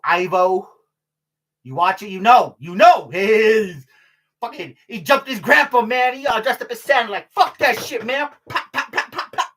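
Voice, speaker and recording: An older man with a high-pitched, slightly bright voice records a casual vlog, rambling as he goes. He swears without restraint, stalls on fillers and restarts, and chuckles between remarks.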